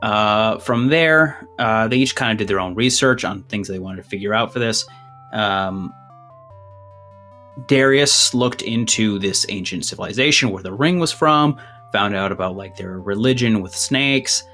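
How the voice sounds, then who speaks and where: A man's voice: lowish voice, unhurried, sharp tone, faint music behind. A man running a tabletop game as game master, rambling through rule changes and a recap, a bit out of breath. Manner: rambling, self-interrupting, laughs at his own jokes.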